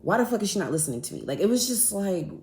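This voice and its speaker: A young woman hosting a podcast, telling a story in a casual, animated and profane way, acting out both sides of an argument. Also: mid-range voice, racing, creaky. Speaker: podcast host. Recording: echoey room.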